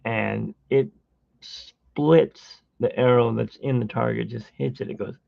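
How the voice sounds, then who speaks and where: A man's voice: medium pitch, steady tone, slow, creaky, no echo, dull audio. A tired man who got little sleep, hosting a live drawing stream and chatting casually in a rambling way as he works. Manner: rambling storyteller, hums while working.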